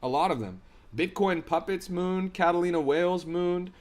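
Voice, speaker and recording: A man's voice: high voice, normal speed. Hyped slangy male crypto streamer. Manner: hyped, slangy, talks to chat. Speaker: crypto livestream host. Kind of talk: casual live-stream commentary.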